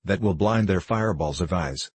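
A man's voice: low voice, moderate pace, slightly rough, dry recording. A man reading aloud, voicing a grave, commanding frontier scout in an audiobook. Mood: stern. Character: stern gruff frontier scout, older man.

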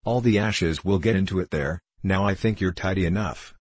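A man's voice: deep voice, moderate pace, a little mellow. A man reading the lines of a curious, polite young girl in a storybook, in his own voice.

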